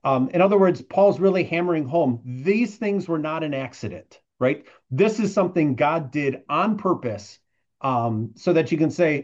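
A man's voice: on the high side, lively intonation, unhurried, a little mellow, muffled recording. A man giving a conversational verse-by-verse Bible teaching, often checking in with "right?" as he explains. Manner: conversational, tags points with "right?".

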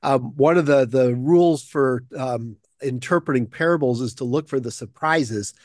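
Man, mid-pitched, explanatory, dry close sound; scripture panel. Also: normal speed, a little mellow, no room sound. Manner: explanatory, building on points. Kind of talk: discussion of a Bible parable.

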